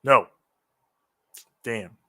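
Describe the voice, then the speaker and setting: A man's voice: extremely slow, bright, forceful tone, dry recording, studio quality. A man co-hosting a live wrestling reaction stream in casual chat, rambling, swearing freely and laughing often at home. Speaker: co-host of a wrestling reaction show.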